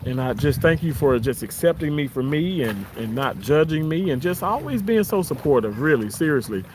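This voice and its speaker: A man with a Southern American accent chats warmly on a live stream, sitting outside by the water. His voice sits a touch high, and he thanks his viewers one by one in a grateful, easygoing way. Faint outdoor noise hums under his voice. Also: lively intonation, moderate pace. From Southern United States. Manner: warm, grateful, chuckles often. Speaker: live-stream host reading chat. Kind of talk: casual live-stream chat.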